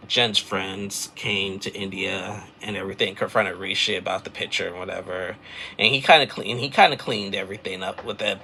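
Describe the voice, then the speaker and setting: Gravelly deep-voiced man rambling a recap. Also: bright, forceful tone, a little hiss or hum. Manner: rambling, chatty, loose filler-heavy storytelling. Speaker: reality TV recap host. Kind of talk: casual recap chat.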